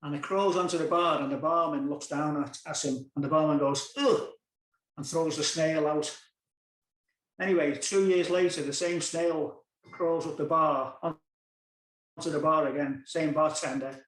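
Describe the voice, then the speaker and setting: A man's voice: fairly high pitch, steady tone, normal speed, fairly bright tone. A man hosting an amateur concert, chatty and joking, chuckling at his own punchlines. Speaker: concert host. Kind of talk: casual emcee patter with jokes. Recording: roomy, echoey sound.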